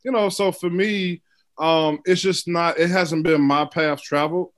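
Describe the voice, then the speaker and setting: Hesitant man comedian, higher voice. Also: steady tone, a little slow. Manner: hesitant, many fillers, soft-spoken. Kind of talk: panel discussion.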